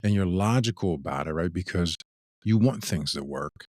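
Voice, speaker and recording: A man's voice: low-pitched, lively intonation, normal speed. A man hosting a relationship talk podcast, talking thoughtfully with frequent restarts and repeated words. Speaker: podcast host. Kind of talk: casual discussion.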